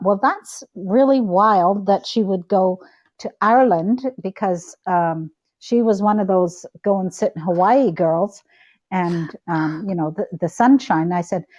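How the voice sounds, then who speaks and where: A Canadian woman speaks as a guest over a video call, animated and full of fillers. The audio is dull and completely dry, with no room sound. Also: on the low side, dry recording. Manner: animated storyteller, many fillers. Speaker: guest, intuitive. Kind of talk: casual chat on a video call.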